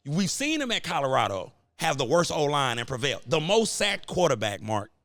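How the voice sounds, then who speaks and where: A podcast host in a cigar lounge studio delivers a heated, profane, preachy sports rant in AAVE. His voice is a little high and fairly bright, with big pitch swings at a moderate pace, and the studio sound is clean with no room echo.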